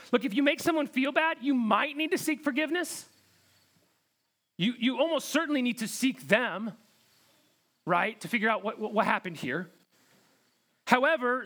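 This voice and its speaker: High-voiced earnest male preacher. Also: fairly bright tone. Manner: earnest, repeats words when emphatic. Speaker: pastor. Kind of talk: sermon.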